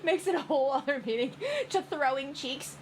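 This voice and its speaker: A young woman, reacting to fan memes in giggly, rambling, animated commentary. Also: high-pitched, a little fast, a little hiss or hum. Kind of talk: excited casual commentary.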